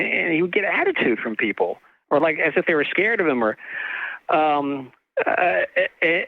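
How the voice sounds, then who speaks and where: A middle-aged man from California tells a winding story, full of fillers, restarts and quick laughs. His voice sits a bit high for a man. It comes through a dry, tinny line with a phone-like sound. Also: no echo. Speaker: author and guest. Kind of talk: casual storytelling interview.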